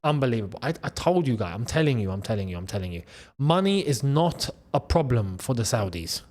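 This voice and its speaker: A male football channel host, talking casually to his audience, excitable and animated, repeating phrases and breaking into laughs. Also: medium pitch, brisk. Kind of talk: casual football commentary to camera. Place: in the Gulf region.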